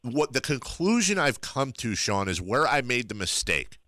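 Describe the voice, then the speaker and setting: A man's voice: medium pitch, sing-song, moderate pace, bright, forceful tone, dry recording, clean studio sound. A man from California hosting a sports radio show, telling stories and building to emphatic points. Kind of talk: casual sports radio chat.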